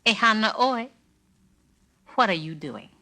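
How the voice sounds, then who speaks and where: A woman narrating a scripted spoken-word language lesson, saying each phrase slowly and carefully and repeating it for the listener. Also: medium pitch, lively intonation, pushed and bright. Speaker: language teacher narrating a record.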